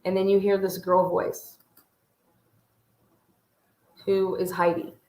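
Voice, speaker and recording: Woman host, flat even delivery, analytical commentary, echoey room. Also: lowish voice, slow pace. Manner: analytical, pointing out details. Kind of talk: case commentary over footage.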